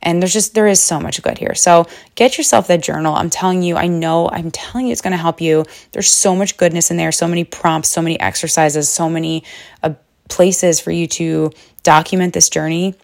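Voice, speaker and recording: A woman's voice: on the low side, fairly even intonation, brisk, vocal fry. A woman hosting a podcast, giving an earnest, encouraging talk in a casual, chatty way that is sometimes profane and full of restarts. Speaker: podcast host. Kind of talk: casual motivational monologue.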